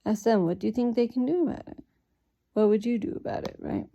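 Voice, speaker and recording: Sleepy woman with a gravelly dark voice. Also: fairly high pitch, brisk, highs cut off. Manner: relaxed, thinks aloud with fillers. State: sleepy, yawning. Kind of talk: reading aloud and explaining teaching prompts.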